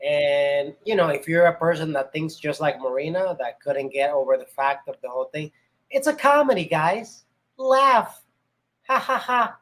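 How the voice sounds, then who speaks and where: A man's voice: on the high side, animated, normal speed. Joking man hosting a podcast. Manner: joking, playful asides. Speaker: podcast host. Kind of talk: casual chat.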